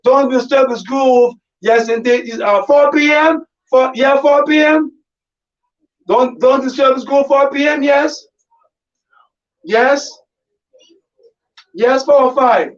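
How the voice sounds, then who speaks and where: A high-pitched man hosting a live radio show, hyped and excitable, throwing in chants and shouts as his voice turns raspy. He sounds muffled and a little away from the mic. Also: takes it slowly, pauses often, distant mic. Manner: loud, excitable, chanting ad-libs. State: voice going raspy. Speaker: radio host. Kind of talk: hype live radio banter.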